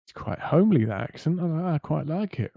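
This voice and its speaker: Male player, hesitant, joking, slightly high voice, dry recording. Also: big pitch swings, fairly quick, gravelly, dry recording, muffled recording. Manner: hesitant, jokey. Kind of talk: tabletop role-play.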